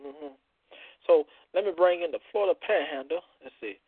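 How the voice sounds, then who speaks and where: A man's voice: on the high side, normal speed, breathy edge, no room sound. A man hosting a call-in show with casual, exclamatory, hyped banter. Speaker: host. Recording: phone line.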